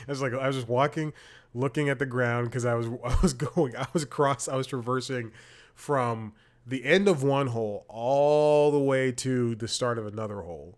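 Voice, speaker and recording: A man chats casually as the host of a comedy podcast, with a voice of ordinary middle pitch. He wanders through a personal story and often stops to correct himself. The delivery is loose and conversational. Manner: rambling anecdotes with frequent self-corrections.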